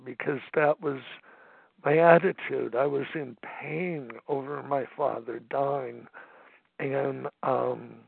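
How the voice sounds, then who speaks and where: An older man in his seventies speaks slowly over a tinny phone line, his voice a touch high and gravelly. He tells his own story haltingly, pausing on fillers and starting over. The sound is dry and close. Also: steady tone, no echo. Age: 70s. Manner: halting, with many fillers and restarts. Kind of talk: personal testimony at a phone meeting.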